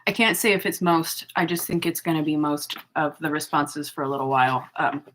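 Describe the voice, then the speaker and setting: A woman's voice: low voice, fairly quick. A woman hosting her own channel, talking frankly and profanely in a casual vlog monologue, with fillers and mocking asides. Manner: frank, profane, animated storytelling with mocking quoted voices; frequent fillers and laughs. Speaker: channel host.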